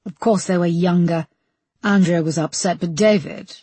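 A woman's voice: on the low side, steady tone, moderate pace, mellow, husky, no echo. A woman voicing an unstable middle-aged woman suspect under questioning, tearful and erratic, with hissed outbursts. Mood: guarded.

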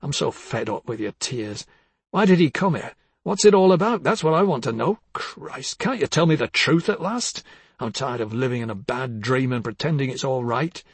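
A man reading the part of a bitter, jealous older husband, accusing and husky, dropping to hushed tones and rising to harsh outbursts. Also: mid-range voice, expressive, normal speed, dry recording. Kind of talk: dramatic audiobook reading.

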